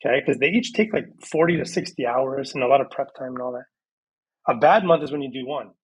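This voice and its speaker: A man in his thirties, a podcast guest on a video call, telling his story in a lively, casual way and acting out past conversations. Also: mid-range voice, fast, husky, low-quality recording.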